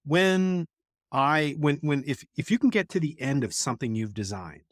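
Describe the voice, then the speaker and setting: A man's voice: fairly high pitch, lively intonation, normal speed, a bit bright, dry recording, studio quality. Blunt, candid man telling classroom stories. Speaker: education professor, guest. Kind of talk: casual conversational interview.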